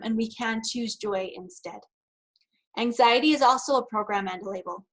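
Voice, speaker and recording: Woman speaker at an online conference, a little high-pitched, chatty storytelling that shifts into read-out remarks. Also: a bit bright, low-quality recording. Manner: conversational storytelling with laughs; partly reading prepared remarks. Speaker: NLP practitioner and speaker. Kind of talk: virtual conference presentation.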